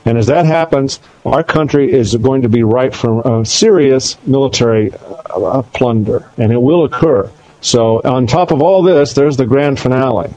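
Brief: male co-host, halting delivery full of fillers, warm mellow tone. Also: mid-range voice, low-quality recording. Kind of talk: talk-radio commentary.

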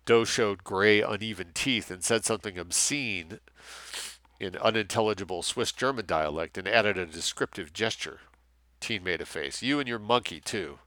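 A man reading a thriller aloud with steady, measured narration. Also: low voice, dry recording. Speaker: audiobook narrator. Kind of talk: scripted narration.

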